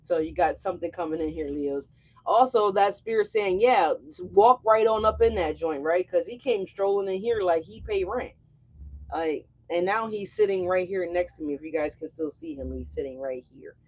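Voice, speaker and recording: A tarot reading comes from a woman with a fairly low voice speaking at normal speed. She's loose and chatty, brash and foul-mouthed, addressing her viewers directly.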